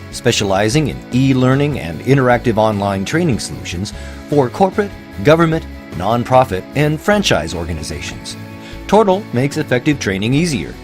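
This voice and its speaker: A man reading a scripted sponsor message in a smooth promotional delivery. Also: mid-range voice. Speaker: sponsor announcer. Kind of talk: scripted ad read. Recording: music bed under voice. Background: guitar music.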